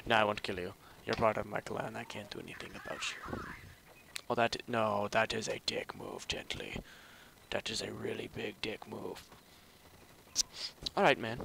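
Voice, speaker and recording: A young man giving casual, excitable gameplay commentary, trash-talking and swearing at opponents. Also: lowish voice, unhurried, creaky, pauses often. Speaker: gamer. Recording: noisy game audio behind. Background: game sound effects.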